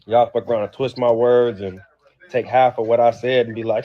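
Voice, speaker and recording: A man's voice: mid-range voice, steady tone, moderate pace. A man talking loosely on a livestream, laughing often and swearing freely as he rambles. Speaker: livestream host reacting to family drama. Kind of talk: casual livestream talk. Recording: dull lo-fi sound.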